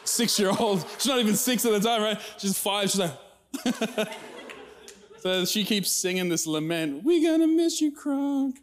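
A man's voice: high voice, measured pace, slight background noise. An Australian man preaching a sermon, telling family stories and acting out the quotes, with the audience laughing along. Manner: storytelling with animated acted-out quotes. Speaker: pastor.

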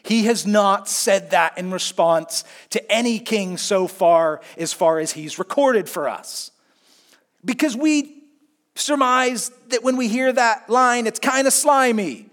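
A man preaching a sermon, telling a story expressively and swinging between hushed asides and emphatic points. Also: high voice, slow pace. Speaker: pastor.

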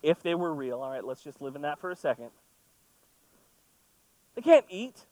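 High-voiced, chatty man preaching. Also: big pitch swings, normal speed, warm tone, no room sound, rough recording. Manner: conversational, playful asides. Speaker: pastor. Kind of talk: sermon with scripture reading.

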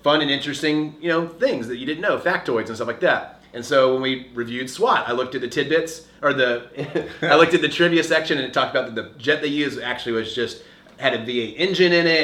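A young man co-hosting a casual podcast, his voice bright and forward. He rambles through stories, chuckling along the way. The sound carries a noticeable room echo. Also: mid-range voice, a little fast. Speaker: podcast co-host. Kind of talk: casual chat.

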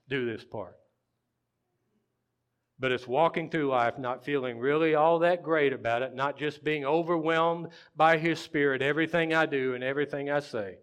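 A man delivering a heartfelt sermon at an unhurried pace. His voice is smooth and mid-pitched, and he often pauses and lets his phrases trail off softly. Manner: slow, earnest, pausing often, trailing off softly. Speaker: pastor.

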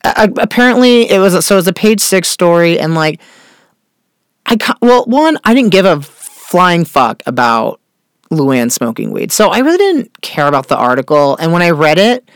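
A man hosting a casual pop-culture chat, gossiping with sarcasm, swearing freely and filling pauses with "uh". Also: high-pitched, very animated, clean tone, dry recording, studio quality. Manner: chatty, gossipy, swears freely, many fillers; sarcastic, repeats catchphrase. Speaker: podcast host.

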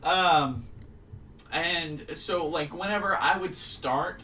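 A man's voice: fairly high pitch, pushed and bright, far from the mic, a little hiss or hum, low-quality recording. Rambling young man, slightly off mic. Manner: rambling, halting storyteller with many fillers. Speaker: podcast guest. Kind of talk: casual chat.

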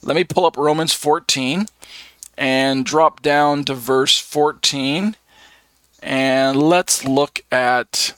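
A man's voice: a little high, slow, a bit bright, no room sound. Man teaching a Bible study. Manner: conversational, filler-heavy, reads verses aloud. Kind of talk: casual Bible study lesson.

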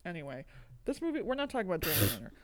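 Rambling, animated woman co-host. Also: lowish voice, very fast, noisy background. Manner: animated, rambling, swearing freely. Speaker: podcast co-host. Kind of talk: casual chat.

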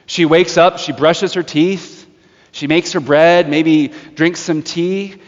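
A man preaching a sermon, telling a story in a lively way with laughs and acted-out voices. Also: a little high, slow pace. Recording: dull sound with long hall reverb.

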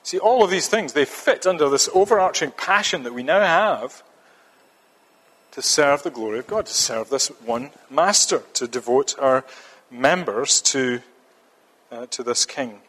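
A man's voice: medium pitch, lively intonation, a little slow, a bit bright, slightly rough. A man preaching a sermon, earnest and emphatic, often repeating a phrase for stress. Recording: long reverb of a church hall.

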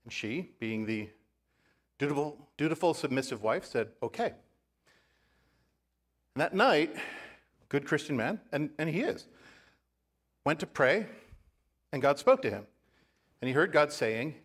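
Male pastor, mid-pitched, preaching a casual storytelling sermon in church. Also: lively intonation, normal speed, pauses often, fairly bright tone. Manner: conversational storytelling with asides.

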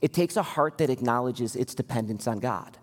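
A man's voice: mid-range voice, animated, a little fast, long reverb tail. A man preaching a sermon as pastor, earnest and building to impassioned appeals.

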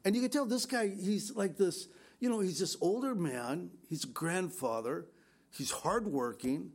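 A man's voice: a little high, expressive, unhurried, darkish tone. An older man, a pastor, giving an earnest, conversational sermon and urging his listeners on. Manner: earnest, exhorting.

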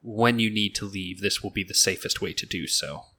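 A man voicing a calm, courteous half-orc woman guide in a tabletop game. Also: lowish voice, moderate pace, breathy edge. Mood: polite.

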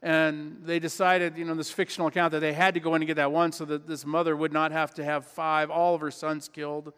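A man's voice: a little high, little pitch movement, brisk, a bit bright, clean tone. A pastor preaching a sermon in his church, earnest and emphatic, repeating key phrases. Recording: long hall reverb.

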